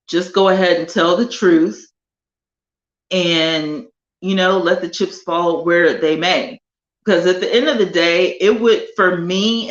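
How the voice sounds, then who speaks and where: A woman hosting a casual live chat with viewers from her home sunroom, animated and chatty with drawn-out emphasis. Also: lowish voice, echoey room, highs cut off. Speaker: livestream host.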